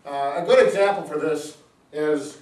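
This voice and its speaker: A man's voice: fairly high pitch, normal speed, a little mellow. A man, a physical therapist, gives a casual product demonstration and explains things step by step with frequent fillers. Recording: echoey room, mic at a distance.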